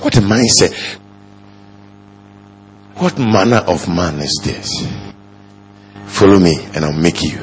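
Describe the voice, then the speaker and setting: A male pastor preaching a sermon, firing off rhetorical questions and swinging from low murmurs to loud exclamations. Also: animated, takes it slowly, pauses often, slight background noise.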